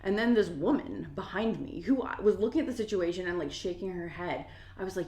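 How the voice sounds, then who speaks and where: A woman's voice: on the low side, brisk, warm tone. A young woman, ranting through a casual storytime, profane and full of "like" fillers. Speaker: mukbang vlogger. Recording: roomy echo.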